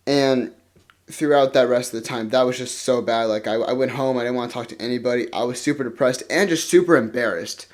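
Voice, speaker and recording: Male vlogger, mid-pitched, casual storytime, rambling and restart-heavy, mumbles low when glum. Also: fairly quick. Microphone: face-cam setup.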